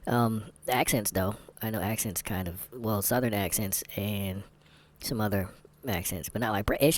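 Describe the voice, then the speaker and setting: A man's voice: lowish voice, steady tone, normal speed. A man vlogging candid commentary while taking a test, rambling, sarcastic and muttering asides to himself.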